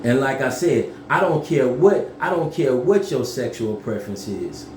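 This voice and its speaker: A man telling a story casually to camera, profane and animated, yelling when he acts things out. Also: medium pitch, moderate pace, reverberant, a little hiss or hum.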